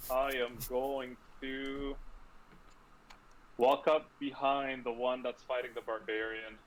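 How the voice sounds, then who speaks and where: A man player in a casual tabletop game session, speaking in a calm, deliberate way. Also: mid-range voice, a little hiss or hum, poor audio.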